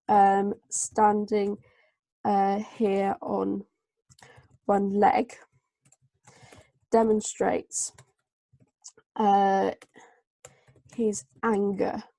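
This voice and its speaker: A woman tutoring a live online class, her voice gravelly and mellow with a flat melody. She speaks haltingly, filling pauses as she writes. The sound is dry and close on a computer mic. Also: mid-range voice, no room sound. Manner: slow, hesitant dictation with many fillers while writing. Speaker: English tutor.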